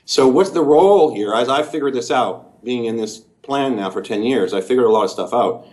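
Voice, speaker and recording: A Canadian man in an interview gives a long, earnest first-person account, methodical and full of detail. His voice is medium-pitched, expressive and darkish in tone, with a moderate pace.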